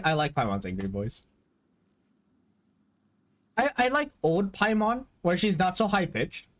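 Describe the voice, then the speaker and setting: High-pitched and a bit bright, this streamer gives casual live commentary on a game. Nursing a headache, he rambles, stammers and swears as he plays.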